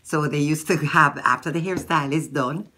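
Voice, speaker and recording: Speaking at a moderate pace in a deep, pushed, bright voice, a Jamaican-accented woman vlogs about hair. She addresses viewers directly in a chatty, teaching way while showing them how to make a wig one step at a time.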